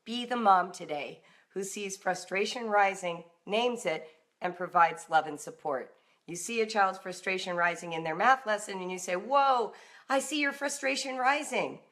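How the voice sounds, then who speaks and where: A middle-aged woman hosting a live-streamed talk for parents, animated and now and then acting out emotional outbursts in a raised voice. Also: fairly low pitch, moderate pace. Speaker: homeschooling author and host.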